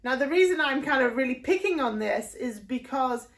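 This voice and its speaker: A woman's voice: high-pitched, lively intonation, moderate pace. A woman with a northern English accent, teaching singing in a video lesson and patiently explaining vowel shapes with short demonstrations. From northern England. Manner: patient, explanatory, breaks into sung vowel demos.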